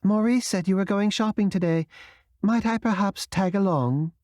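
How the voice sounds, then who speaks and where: A man voicing a heartbroken, proud young woman with a British accent who speaks slowly and reluctantly. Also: high voice, darkish tone, no echo, studio quality, pitched above the performer's own voice, lightly acted. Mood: wistful. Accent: British English. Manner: slow, reluctant, cracking voice. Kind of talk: audiobook character reading.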